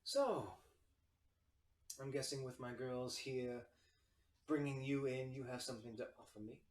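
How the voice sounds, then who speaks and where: A man voicing a seductive female tiefling crime boss in a sultry, slow, purring manner, recorded from a distance in a roomy space. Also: medium pitch, natural voice.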